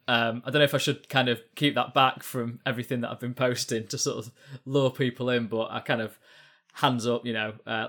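A male journalist talks casually on a podcast, speaking at a middle pitch. He keeps hedging and stumbling, filling his story with ums and sort-ofs. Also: fairly bright tone. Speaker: journalist guest.

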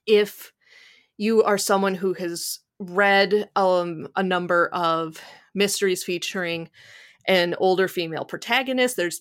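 Chatty Midwestern woman, low voice. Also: fairly bright tone. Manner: chatty, many fillers and restarts. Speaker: podcast co-host. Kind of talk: casual book podcast chat.

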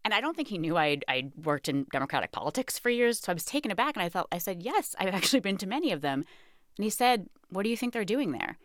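A woman's voice: medium pitch, sing-song, quick pace, dry recording, clean studio sound. A woman guest telling her story in an interview, candid and self-mocking, laughing often. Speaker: author and guest.

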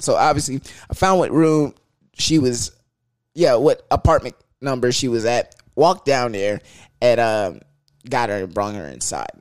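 A man's voice: medium pitch, normal speed. A young man telling a story casually and profanely, acting out the voices he quotes. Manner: animated, loose and profane, acts out quoted voices.

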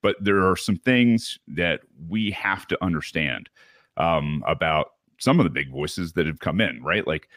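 A man's voice: low voice, lively intonation, unhurried, a bit bright, no room sound, studio quality. A man from Michigan hosting a podcast, telling a candid, rambling story in a casual solo recap. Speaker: podcast host.

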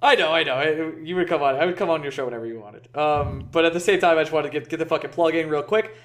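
A man hosting a sports podcast, joking and quick-talking as he moves the show along. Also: on the high side. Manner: jokey, fast-talking. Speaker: podcast host.

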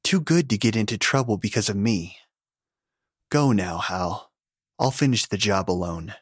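A man's voice: lowish voice, moderate pace, breathy edge, no room sound, clean studio sound. A man reading a story, voicing a grieving, determined young woman who speaks in a tight, strained voice. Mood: strained, defiant.

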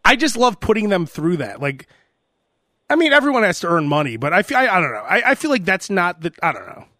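Animated high-voiced man telling stories. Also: a little fast, no room sound, clean studio sound. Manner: animated storyteller acting out phone calls. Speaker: podcast host. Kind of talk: casual chat.

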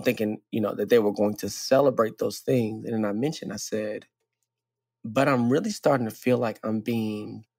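A man's voice: on the low side, gravelly, dry recording. A man co-hosting a podcast in casual conversation, telling a personal story with frequent laughs and his voice jumping up when he quotes himself. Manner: animated storyteller, laughs often, voice jumps up when quoting. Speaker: podcast co-host.

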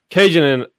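This podcast host's voice is a little high and gravelly, captured dry at studio quality. He rambles through a casual chat, packing it with fillers and profanity.

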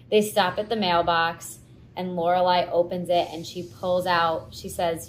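Chatty woman podcaster, lowish voice. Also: level tone, measured pace, slight background noise. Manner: chatty, filler-heavy, gets teary and laughs at herself. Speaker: podcast host. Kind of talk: casual solo podcast talk.

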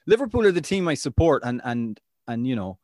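A man's voice: medium pitch, a little fast, no room sound, studio quality. A man, co-hosting a sports podcast and telling chatty anecdotes. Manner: chatty storyteller, lively anecdotes. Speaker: podcast co-host. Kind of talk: casual chat.

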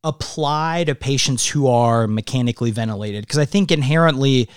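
A man's voice: medium pitch, moderate pace, clean tone, dry recording, clean studio sound. A man hosting a clinical podcast, affirming his guest and asking reflective questions. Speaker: podcast host. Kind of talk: interview conversation.

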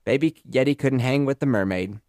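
A man's voice: medium pitch, brisk, no room sound, clean studio sound. Rambling man telling a story. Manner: rambling, animated, jokey. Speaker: podcast host. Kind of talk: casual storytelling.

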